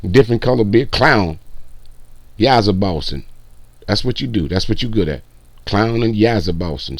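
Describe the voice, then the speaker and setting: A man's voice: fairly low pitch, animated, normal speed, long pauses, no room sound. A man hosting a stream, giving reaction commentary in a profane, mocking rant.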